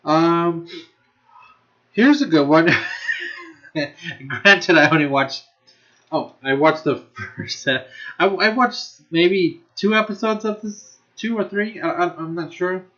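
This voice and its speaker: Slow-talking, laid-back man reviewing anime. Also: a little high, sharp tone, muffled recording. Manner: rambling, restarts often, laughs a lot, curses. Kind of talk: casual ranking video commentary.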